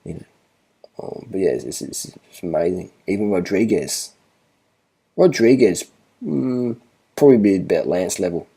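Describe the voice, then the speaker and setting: A deep, dark, husky-voiced man talks over cycling footage. He is blunt and swears freely, and he hammers each point home by saying it again and again. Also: animated, unhurried, pauses often. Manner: blunt, profane, repeats himself for emphasis. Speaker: cycling vlogger. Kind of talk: casual commentary over race footage.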